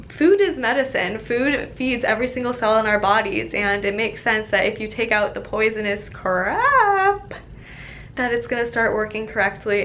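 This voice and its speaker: An upbeat young woman talks through a casual vlog, full of encouragement and excitement. Her voice sits a little high, with a faint rumble underneath. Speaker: dietitian. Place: health clinic office.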